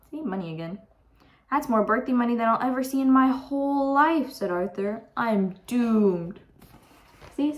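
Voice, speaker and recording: A woman's voice: medium pitch, rough recording. A teenage girl reading a picture book aloud to young listeners, giving the characters voices and adding chatty asides. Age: teens. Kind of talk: read-aloud storytime with asides.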